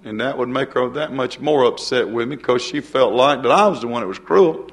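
A man's voice: mid-range voice, a little fast. An older man preaching a folksy sermon, chuckling and turning to the congregation with asides.

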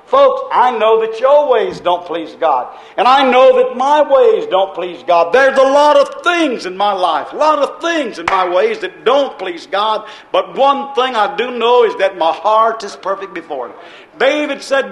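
A man preaching a sermon with passion, drawing out quotes and rising to shouts. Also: sits high, lively intonation, moderate pace. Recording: echoey room.

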